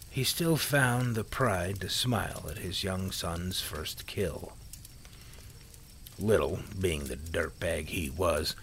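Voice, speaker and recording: Low-voiced guy reading a campfire story, calm and measured, faint hiss behind. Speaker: narrator.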